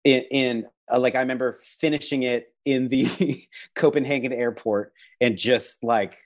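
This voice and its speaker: A man's voice: mid-range voice, fairly even intonation, a little slow. A man, a visual artist and person of faith, talking in an earnest, reflective way as a guest, often hunting for words. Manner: earnest, reflective, searching for words with many likes. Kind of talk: casual conversational interview.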